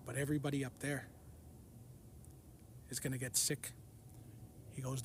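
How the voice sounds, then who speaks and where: A man telling the story of a vivid dream in an unhurried, repetitive way, often going back over the same words. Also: mid-range voice, flat delivery, a little hiss or hum. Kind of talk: recounting a dream.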